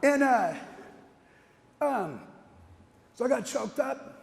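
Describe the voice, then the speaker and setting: An animated man tells a personal story in a rambling way, restarting his sentences and laughing between them. His voice runs high with a gravelly edge. It rings out with a long hall reverb. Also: slow. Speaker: speaker telling a personal story.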